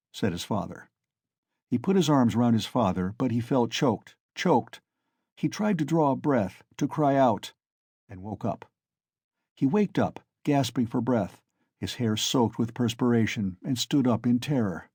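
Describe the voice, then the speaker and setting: A male narrator reads a classic novel aloud in a measured, steady voice of middle pitch. The recording is dry and close, with no room echo. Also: husky. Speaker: audiobook narrator.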